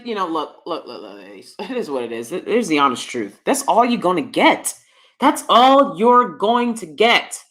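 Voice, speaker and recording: A woman's voice: medium pitch, fairly bright tone. A woman vlogger giving opinionated commentary to her viewers from downstairs at home, emphatic and repeating lines for effect.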